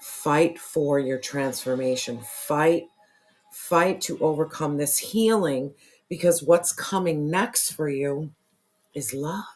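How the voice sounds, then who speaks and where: Hoarse, earnest tarot reader. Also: medium pitch, takes it slowly. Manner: earnest, repetitive, speaks straight to the viewer. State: losing voice, hoarse, clearing throat. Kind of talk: casual spiritual tarot reading to camera.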